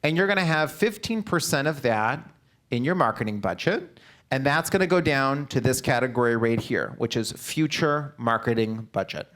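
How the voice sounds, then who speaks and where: A man leads a live business seminar in a direct, upbeat coaching manner. His voice sits in an ordinary middle pitch. He keeps checking in with the audience through short questions. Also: lively intonation, fairly bright tone. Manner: peppers talk with quick check-in questions to the audience. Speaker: real estate seminar presenter.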